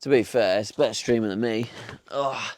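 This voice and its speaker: A man's voice: fairly low pitch, a little fast, a little mellow, dry recording. A young man streaming live from his van, chatting casually and bantering with his viewers. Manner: chatty, swears, talks back to chat.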